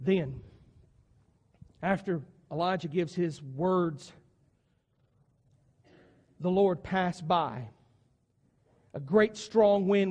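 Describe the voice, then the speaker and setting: A man preaching a sermon, moving between soft, low passages and loud, emphatic ones. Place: church sanctuary. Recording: long church reverb.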